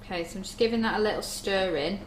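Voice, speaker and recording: A woman's voice: mid-range voice, fast talker, noisy background. Woman explaining a bake, echoey kitchen. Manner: chatty step-by-step explaining while working. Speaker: baker demonstrating recipes. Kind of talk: live cooking demonstration. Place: shop's demo kitchen. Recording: echoey kitchen with clattering dishes.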